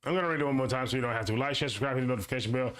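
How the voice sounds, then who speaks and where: A man hosting a casual streamed commentary show, reading a web page aloud slowly and then breaking into quick asides to his audience, often repeating lines for emphasis. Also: mid-range voice. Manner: animated, swings between slow read-aloud and quick asides. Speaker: show host.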